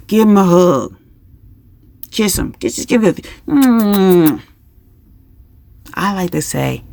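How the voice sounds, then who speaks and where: A woman with a heavily gravelly, husky voice talks through parenting tips on her vlog. She speaks slowly but swings her pitch up and down a lot, acting out scenes and giving pep talks. The sound is close and dry. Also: no room sound. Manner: lively and chatty, acts out scenes and gives pep-talk tips. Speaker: parenting vlogger. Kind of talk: casual parenting advice vlog.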